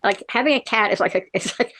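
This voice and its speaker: A woman's voice: mid-range voice, fast, a bit bright. A middle-aged woman in casual chat, telling a long personal story in a rambling way, with many fillers and frequent laughs.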